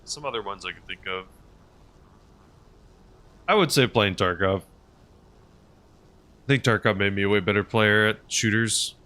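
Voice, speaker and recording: A man's voice: lowish voice, measured pace, pauses often, sharp tone. A male streamer in casual live-stream chat, rambling and answering his chat's messages as he plays.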